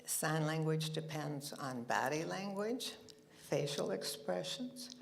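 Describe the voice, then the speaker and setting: A woman's voice: deep voice, expressive, slow, gravelly. A woman giving a chatty, anecdotal talk to a church congregation, with asides and laughter, in a meeting room with a live audience. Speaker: guest speaker at a church service.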